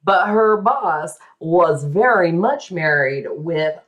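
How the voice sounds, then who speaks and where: Woman, podcast host, casual storytelling, lower voice, chatty, dramatic. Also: lively intonation, a bit bright, muffled recording. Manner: chatty, dramatic, with asides and quick voices for people. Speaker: podcast host telling a true-crime story.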